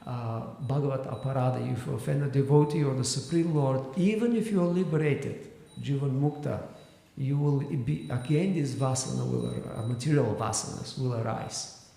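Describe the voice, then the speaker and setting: A man's voice: mid-range voice, normal speed, vocal fry, warm tone. A man teaching a scripture class, explaining at length with frequent fillers and restarts. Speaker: spiritual teacher. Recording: echoey hall with long reverb.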